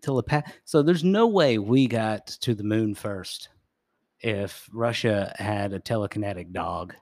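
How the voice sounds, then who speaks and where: A man's voice: lowish voice, measured pace, darkish tone, no room sound. A man co-hosting a comedy podcast, riffing and cracking jokes in casual banter. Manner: joking, riffing.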